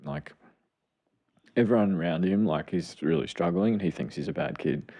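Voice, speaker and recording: A man's voice: sits low, moderate pace, mellow. A middle-aged man, a podcast co-host and clinician, explaining parenting steps in an earnest, enthusiastic way. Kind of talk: casual chat.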